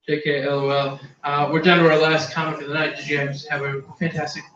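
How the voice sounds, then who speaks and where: A man hosting a live comedy show, wry and deadpan, then shouting to hype the crowd. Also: fairly high pitch, fairly quick. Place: basement bar stage. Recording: roomy, distant, dull, crowd noise.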